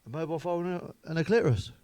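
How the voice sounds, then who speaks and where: A man's voice: a little high, fast, darkish tone, smooth, dry recording. A man telling crude jokes straight to camera, swearing freely and laughing at his own punchlines. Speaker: comedian.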